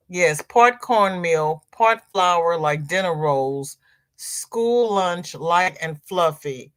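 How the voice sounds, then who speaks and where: Slow, low-pitched woman hosting a crochet livestream. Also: fairly bright tone. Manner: chatty, reads viewer comments aloud and responds. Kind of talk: casual livestream chat reading comments.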